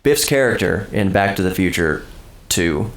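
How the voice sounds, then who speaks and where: A man's voice: deep voice, lively intonation, normal speed. A man from Texas, under the weather, hosting a podcast in casual chat, rambling and joking with strong opinions. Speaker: podcast host.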